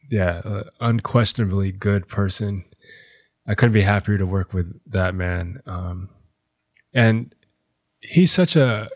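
A man from the United States speaking as a podcast guest in a conversational interview, reflective and halting, with frequent fillers and restarts. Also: fairly low pitch, dry recording, studio quality.

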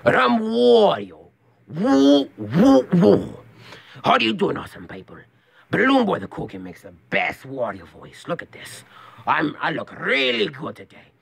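A young man doing a whooping, gravelly Wario. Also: medium pitch, wildly swooping pitch, unhurried, exaggerated voice. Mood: boastful. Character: brash cartoon-villain man, loud and boastful.

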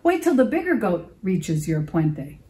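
A woman's voice: medium pitch, very animated, a little slow, warm tone. A woman voicing a tiny, timid billy goat in a picture-book read-aloud, speaking in a nervous, pleading way.

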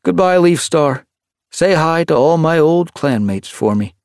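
A man's voice: fairly high pitch, animated, a little slow, darkish tone, clean tone, no echo, clean studio sound, pitched above the performer's own voice. A man voicing a cheerful, well-fed male house cat who is a bit smug, in an audiobook.

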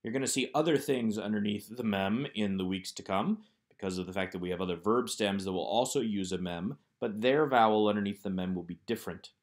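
A man's voice: lowish voice, brisk, few pauses. A man teaching a recorded Hebrew grammar lesson, walking through workbook exercises one by one in a methodical, explanatory way.

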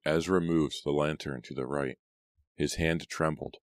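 Deep-voiced male reader for a horror audiobook, measured and dramatic, close and dry. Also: steady tone, no room sound. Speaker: audiobook narrator. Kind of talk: scripted narration.

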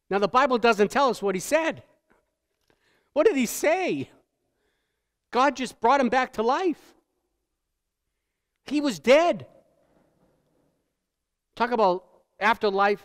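A male pastor with a high voice preaches in a church sanctuary, and his words carry a long reverb through the hall. He swings from emphatic peaks down to hushed, intimate lows. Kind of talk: sermon.

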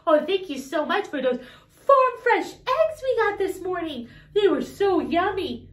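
Children's teacher, woman, very high sing-song voice, unhurried, off-mic in an echoey room. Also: big pitch swings, far from the mic. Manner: imitates animal sounds. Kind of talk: toddler learning video.

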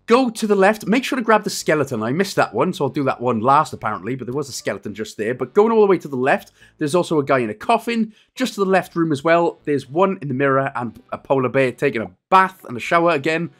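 A man's voice: on the high side, big pitch swings, fast talker, few pauses, fairly bright tone. Jokey thirty-something man narrating a game guide. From Wales. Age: 30s. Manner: jokey, rambling, self-deprecating asides. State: losing his voice a bit. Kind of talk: casual gameplay walkthrough commentary.

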